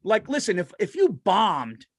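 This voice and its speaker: A middle-aged man, a comedian co-hosting a podcast, telling stories in an excitable, profane way and laughing as he talks. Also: sits high, a little slow, no echo, clean studio sound. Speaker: stand-up comedian and podcast co-host. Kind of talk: casual podcast chat.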